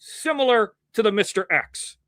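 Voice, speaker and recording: Combative rambling stream host, high voice. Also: male voice, animated, moderate pace, fairly bright tone, no echo, studio quality. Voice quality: slightly muffled from wearing a mask. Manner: rambling, combative, talks to chat and critics directly. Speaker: livestream news show host. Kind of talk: casual livestream commentary.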